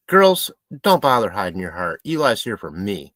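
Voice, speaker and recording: A man's voice: low-pitched, animated, a little fast, a bit bright, no room sound. A man from Michigan hosting a casual live stream, joking and rambling as he reads viewer comments aloud. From Michigan, USA. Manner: rambling, joking, talks to his pet.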